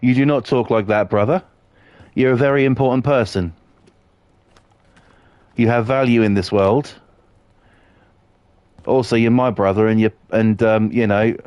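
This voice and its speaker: A man's voice: lowish voice, fairly even intonation, moderate pace, long pauses, darkish tone, clean tone, dry recording. Blunt, sweary British man streaming. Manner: blunt, swears freely, laughs often. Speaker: live game streamer. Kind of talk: casual live-stream chat.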